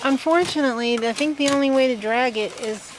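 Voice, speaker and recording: Speaking quickly in a high voice, a vlog host keeps things casual at home, moving from the kitchen to an outdoor yard. Frequent laughter and dramatic disgust mark her chat, captured on noisy home video.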